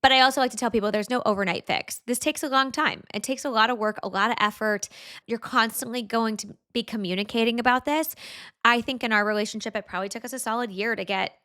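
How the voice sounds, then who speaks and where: A woman's voice: on the high side, fast, pushed and bright. A woman guest on a podcast, explaining things earnestly and casually, often checking in with "right?" and "like".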